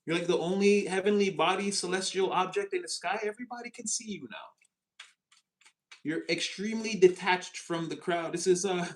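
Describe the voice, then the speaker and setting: A man giving a casual, animated tarot reading, chatty and expressive and quick to laugh. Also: high-pitched. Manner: animated, chatty, swings into voices, laughs often. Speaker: tarot reader.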